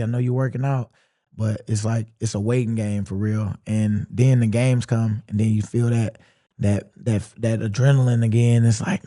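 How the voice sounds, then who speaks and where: A man with a mellow, dark voice gives an unhurried sit-down interview about his playing career. He talks in a relaxed, drawling way and slips into quoting his own thoughts mid-story. His tone stays reflective throughout. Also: mid-range voice. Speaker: interview guest, pro football player.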